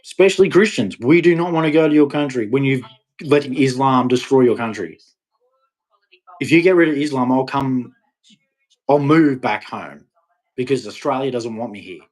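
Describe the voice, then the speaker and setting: A man delivering an impassioned, ranting monologue to camera, with sudden loud, emphatic rises. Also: mid-range voice, normal speed, pauses often. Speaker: vlogger.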